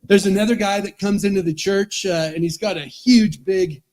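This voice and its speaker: A man's voice: sits high, steady tone, normal speed, darkish tone. A man in his fifties, an Episcopal priest, telling rambling, chuckling stories in a roast speech at a charity event. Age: 50s.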